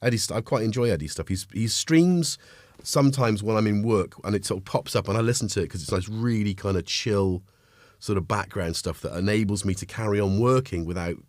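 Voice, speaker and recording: A man's voice: lowish voice, a little fast, darkish tone, dry recording. A middle-aged man from North Wales with a North Welsh accent, chatting casually with viewers on a live stream while he has a cold. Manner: chatty, greets viewers, jokey asides. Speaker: livestream host.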